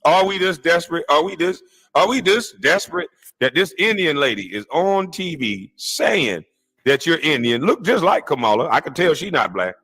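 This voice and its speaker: A man's voice: moderate pace, slightly rough. A man giving profane, mocking reaction commentary on a podcast. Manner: mocking, animated, mimics in shrill shouts. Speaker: podcast co-host.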